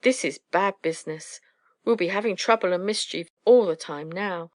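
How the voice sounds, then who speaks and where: A woman voicing a worried old father owl who grumbles slowly and fretfully. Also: on the low side, no room sound, studio quality, natural voice. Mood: aghast.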